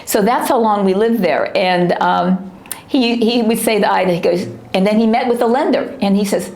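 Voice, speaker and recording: A woman telling a lively family anecdote in an interview, often breaking off to add details. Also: medium pitch, normal speed, reverberant. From United States. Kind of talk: interview storytelling.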